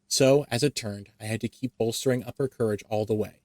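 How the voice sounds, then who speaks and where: A man's voice: on the low side, fairly even intonation, a little fast, few pauses, a little mellow, no room sound. A man reading a classic story aloud expressively, with occasional slips. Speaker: reader.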